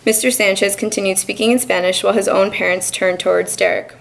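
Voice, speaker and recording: A young woman student reading her own short story aloud at a college reading, in an even, measured manner. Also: mid-range voice, gravelly, rough recording. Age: young adult. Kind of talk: literary reading.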